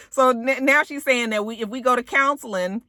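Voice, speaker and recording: A woman giving a casual, blunt and profane recap of a reality show, animated and laughing often. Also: a little high, moderate pace, no room sound, clean studio sound.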